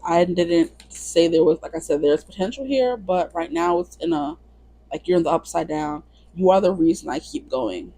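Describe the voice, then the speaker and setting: A woman's voice: on the low side, moderate pace, dark tone, no room sound. A woman giving a casual tarot reading to camera, chatty and playful, singing bits of songs. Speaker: tarot reader.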